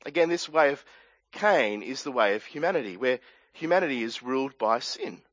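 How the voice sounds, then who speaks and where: A man's voice: mid-range voice, animated, normal speed, a bit bright, dry recording. A man with an Australian accent preaching a sermon, explaining a passage earnestly with asides and restarts. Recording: dry, dull lo-fi sound.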